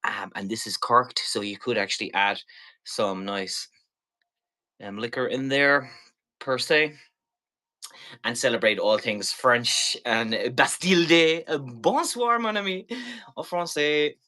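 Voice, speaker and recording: Bright-voiced chatty man. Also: medium pitch, takes it slowly, pauses often. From Ireland. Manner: chatty, playful, rambling. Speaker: live-stream seller. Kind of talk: live selling stream chat.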